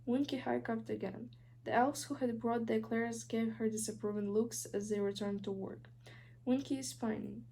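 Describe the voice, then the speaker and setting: A woman's voice: fairly high pitch, level tone, normal speed, warm tone. Young Ukrainian-accented woman reading aloud. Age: young adult. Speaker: student reader. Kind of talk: audiobook reading.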